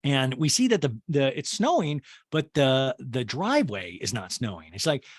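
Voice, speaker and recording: A man from Kansas hosting a podcast, giving an animated, gossipy and crude comedic recap of a reality show. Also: medium pitch, moderate pace, no room sound, clean studio sound. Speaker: podcast host.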